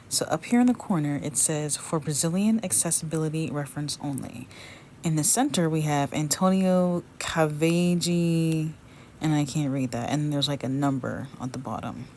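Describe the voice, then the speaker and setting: A woman's voice: deep voice, a little mellow, slight background noise. A woman giving a blunt, profane commentary rant on a video she made, moving between heated complaints and chatty explanation.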